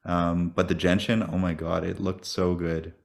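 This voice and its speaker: Deep-voiced man in casual podcast chat. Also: moderate pace, gravelly. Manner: animated, joking storyteller, swears freely. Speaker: podcast co-host.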